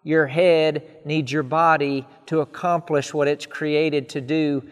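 Guy preaching a sermon, kinda high voice, long hall echo, stacks up his points. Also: level tone, slow pace, clean tone. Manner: earnest preaching with emphatic repeated lists.

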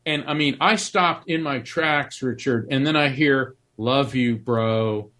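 A middle-aged man from Florida, an author and medium, telling a personal story in an interview with earnest, animated restarts. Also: fairly high pitch, a little slow. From Florida, USA.

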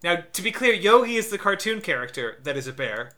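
A man with a bright, forceful voice talks casually as a podcast co-host. He stops and restarts often, fills gaps with ums and uhs, and laughs mid-sentence. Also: high voice, very animated. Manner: halting, filler-heavy, laughs while talking. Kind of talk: casual chat.

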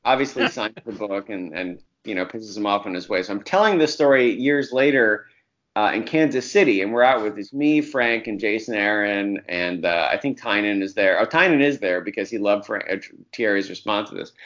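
A guest comics writer tells stories during a casual chat, his voice on the lowish side. He's animated and swears freely, acting out quotes between bursts of laughter.

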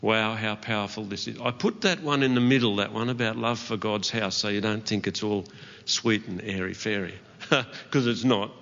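A man's voice: on the low side, moderate pace, gravelly, a bit bright. A man preaching a sermon to his church, earnest, with light laughs and asides to the congregation. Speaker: pastor. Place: church auditorium. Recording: dull church hall recording with long reverb.

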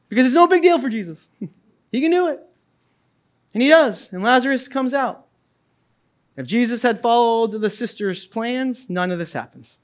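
Impassioned male pastor preaching. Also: extremely high pitch. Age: middle-aged. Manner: impassioned, swings from quiet to loud; casual asides with laughs. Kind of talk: sermon.

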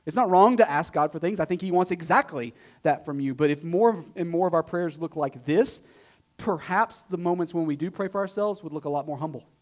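A male pastor with a voice on the high side preaches a conversational sermon at a fairly quick pace. He throws out rhetorical questions and emphatically repeats key points.

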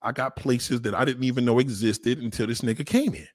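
A man's voice: mid-range voice, fairly quick, no room sound, clean studio sound. A man with a New York accent, talking in a casual, profane monologue and mimicking other people. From New York City. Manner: animated, swearing, mimicking others.

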